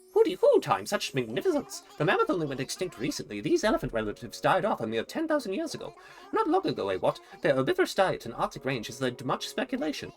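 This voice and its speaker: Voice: mid-range voice, voice pushed up. A gamer voicing a fussy, chatty male owl museum curator who exclaims over fossils in a prim, old-fashioned way. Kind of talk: reading game dialogue aloud in a voice.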